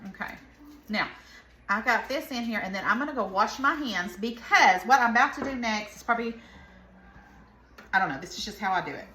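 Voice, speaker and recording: A home cooking host with a Southern American accent chats casually with viewers from her home kitchen, drifting into folksy asides in this cooking vlog. Her voice is a little high, animated, bright and forceful, a bit fast with frequent pauses. The sound is reverberant with slight background noise.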